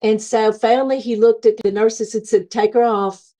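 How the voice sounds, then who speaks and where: A woman's voice: fairly high pitch, steady tone, moderate pace, dark tone. Earnest woman retelling a hospital ordeal. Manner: earnest storytelling, acting out her own remembered thoughts. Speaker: near-death experience guest. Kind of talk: personal testimony.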